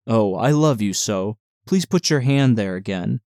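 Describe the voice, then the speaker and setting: A man voicing a tender, fragile young woman nurse in an audiobook, speaking softly and pleadingly. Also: lowish voice, lively intonation, a little slow, dry recording, studio quality.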